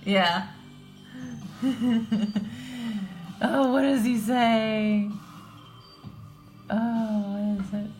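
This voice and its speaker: A woman's voice: fairly high pitch, steady tone, darkish tone, faint music behind. A woman hosting a livestream, chatting casually and laughing while she sketches. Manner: giggly, chatty, drawn-out. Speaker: livestream host and artist.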